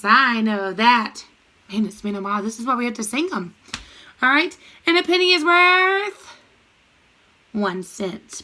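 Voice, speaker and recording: A woman teaches a math lesson to young children over a computer mic. Her voice is bright and a little high. She speaks in a cheerful sing-song and breaks into short rhymes for the class. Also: very animated, normal speed.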